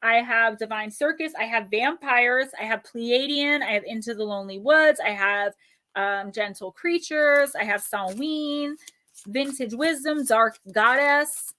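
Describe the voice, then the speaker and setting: A woman hosting a live stream, chatting warmly with viewers and giving oracle card readings, slowing into a soothing cadence when she reads a card's message. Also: a little high. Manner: chatty and affectionate, reads cards aloud in a slow soothing cadence.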